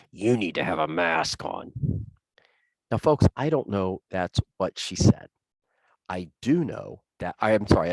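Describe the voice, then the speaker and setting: Deep-voiced, folksy man speaking plainly. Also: darkish tone, no room sound, low-quality recording. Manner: folksy, plain-spoken storytelling with emphatic repetition. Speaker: public safety speaker. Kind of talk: conversational presentation.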